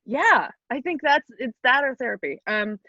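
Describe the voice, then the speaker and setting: A young adult woman chatting casually on a podcast, pitching ideas and laughing often. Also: very animated, moderate pace, sharp tone, dry recording, lo-fi sound.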